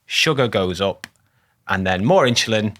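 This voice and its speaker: A man who co-hosts a podcast as a cardiologist, explaining things in a relaxed chat with swearing and laughter. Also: lowish voice, moderate pace.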